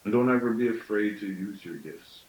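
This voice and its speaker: Storyteller, male, late thirties, slightly deep, musing teaching talk, recorded far off in an echoing room. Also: normal speed. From Canada. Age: late 30s. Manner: thoughtful, with self-questioning asides.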